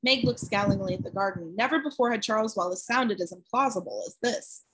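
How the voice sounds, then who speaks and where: A woman reading a novel aloud with steady, even storytelling. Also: mid-range voice, fairly quick, slightly rough, poor audio. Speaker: audiobook narrator.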